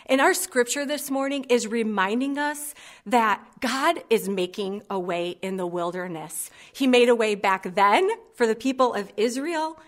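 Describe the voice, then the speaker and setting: Slow, earnest woman preaching. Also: fairly high pitch. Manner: earnest, heartfelt, personal. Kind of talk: sermon.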